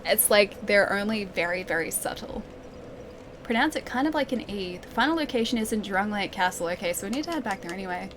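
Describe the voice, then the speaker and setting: A woman's voice: mid-range voice, lively intonation, brisk. Young Australian woman, let's play streamer, chatty and giggly, faint hum behind. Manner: chatty, giggly, talks to chat while playing.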